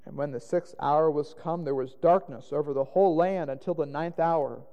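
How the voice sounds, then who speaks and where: A man's voice: fairly high pitch, moderate pace, dull audio. A man giving a dramatic reading of scripture, lifting his voice for the quoted lines. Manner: dramatic, rising to loud exclaims on quoted lines. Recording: long hall reverb.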